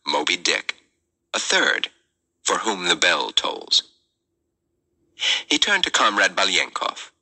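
A man, a podcast host, reading a novel chapter aloud in a measured storytelling delivery. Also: extremely low pitch, pushed and bright.

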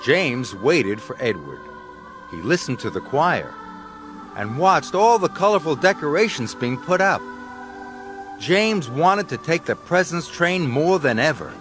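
Slow, expressive man narrating a cartoon. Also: on the high side, soft background music. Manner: slow, warm and expressive storytelling. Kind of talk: scripted storybook narration.

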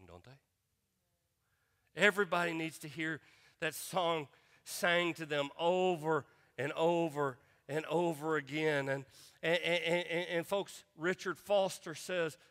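A man's voice: a little high, fairly bright tone. A middle-aged male pastor preaching a sermon, emphatic and calling on the congregation to answer back. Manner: emphatic, asks the congregation to respond. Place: church sanctuary. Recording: long church reverb.

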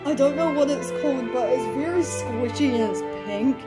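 A woman's voice: high-pitched, normal speed, loud music behind the voice, close to an everyday voice. A woman voicing a goofy, rambling plush character who acts as judge in a homemade comedy skit. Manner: silly, rambling, bursts into yelling.

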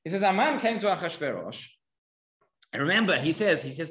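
Animated rabbi in an echoey synagogue. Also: male voice, a little high, fast. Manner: animated storytelling, voices the characters' questions. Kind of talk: Torah class.

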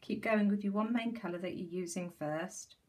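Lady doing a craft demo at home, breathy voice, lots of ums, mid pitch. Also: normal speed, mellow. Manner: chatty, enthusiastic, many ums. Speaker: craft tutorial host. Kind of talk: casual craft demonstration. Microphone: camera mic.

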